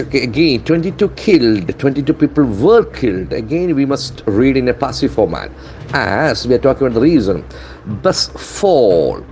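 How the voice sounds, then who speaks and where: Deliberate language teacher. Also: male voice, medium pitch, a little mellow, slight background noise. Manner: deliberate teacher, spells out and repeats words. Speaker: English language trainer. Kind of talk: newspaper-based English lesson.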